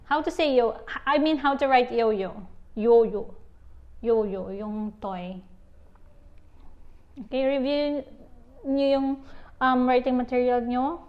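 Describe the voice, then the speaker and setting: A woman's voice: high-pitched, slow pace, pauses often, muffled recording. A young woman with a Filipino accent teaching a language lesson, patient and switching between English and Tagalog.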